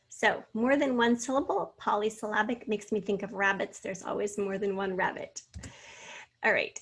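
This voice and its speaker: A woman's voice: a little high, slightly rough. A woman teacher giving a recorded spelling lesson to fifth graders, patiently sounding out syllables and spelling out letters.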